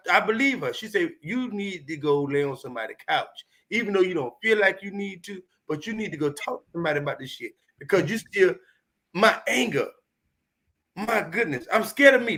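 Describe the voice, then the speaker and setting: With a bright, high-pitched voice, this guest comic from Chicago, United States, in his fifties, shares frank stories from when he was a kid. His delivery is lively, full of swearing and emphatic, and he hammers each point.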